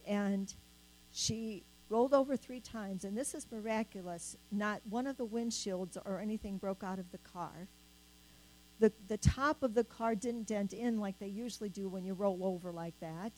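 An older woman shares a testimony before a church group. She tells her story earnestly and acts out the voices of the people in it. Her voice sits at a middle pitch for a woman. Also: moderate pace, a little mellow, low-quality recording. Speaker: church member giving testimony. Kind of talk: spoken testimony.

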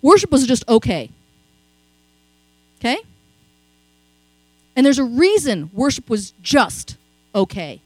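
A woman's voice: a little high, big pitch swings, takes it slowly, long pauses, darkish tone, slightly rough, dry recording, low-quality recording. A middle-aged woman preaching a sermon in a conversational storytelling way, often checking in with her listeners. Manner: conversational storytelling, frequent "okay?" asides.

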